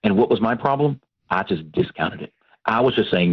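A man, a pastor and Christian counselor, telling his testimony with earnest, animated storytelling. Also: on the low side, moderate pace, breathy edge, narrow, tinny audio. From Texas. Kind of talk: testimony in a radio interview.

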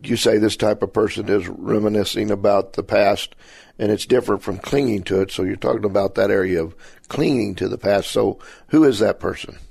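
A man with a deep, heavily gravelly voice asks his guest questions in a relaxed, conversational way. The sound is husky and dry, recorded close. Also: fairly quick, no echo. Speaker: interview host. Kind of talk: interview questions.

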